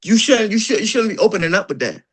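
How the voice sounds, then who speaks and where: A man with a high, bright voice coaches a room of door-to-door sellers. He talks animatedly, jokes constantly and slips into little acted-out doorstep conversations. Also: fast, breathy edge. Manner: animated, joking, acts out doorstep exchanges. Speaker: sales trainer. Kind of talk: energetic sales training talk.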